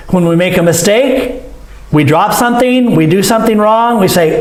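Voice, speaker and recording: A man teaching a language lesson, slowly acting out each sound he explains. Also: high-pitched. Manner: slow, demonstrative, acts out each sound. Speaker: English teacher. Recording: echoey room.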